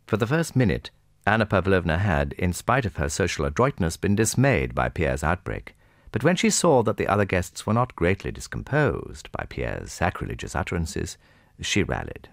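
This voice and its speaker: A man's voice: rumbling low, big pitch swings, normal speed, gravelly, dry recording, clean studio sound. A man narrating a classic novel who voices each character in turn. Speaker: audiobook narrator.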